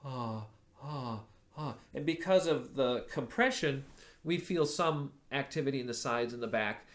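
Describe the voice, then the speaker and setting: A man's voice: medium pitch, moderate pace. A male voice teacher, stuffed up from allergies, explaining technique and breaking off to demonstrate vocal sounds. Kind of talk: spoken voice lesson with sung demonstrations.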